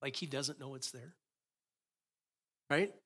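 A man's voice: mid-range voice, slow, sharp tone. A man preaching a sermon as pastor in a church sanctuary, full of rhetorical questions and rising passion.

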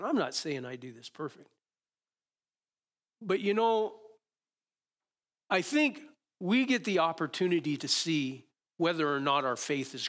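Conversational male preacher, slightly high voice. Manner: conversational, storytelling, asks rhetorical questions; reads scripture slowly and softly. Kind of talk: sermon.

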